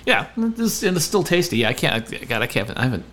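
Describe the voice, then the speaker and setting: A man co-hosting a podcast in casual chat, rambling and halting with many restarts. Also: on the high side, sing-song, fairly bright tone. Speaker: podcast co-host.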